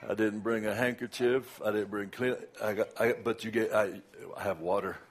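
An older man with a Southern US accent, a guest preacher chatting casually before his sermon, laughing between asides and swelling loud and slow when he praises. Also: lowish voice, steady tone, slight background noise.

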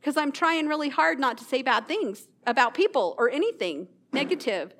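A woman hosting a casual Christian devotional talk, earnest and self-deprecating, slowing down to read scripture. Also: high-pitched, animated, a bit bright.

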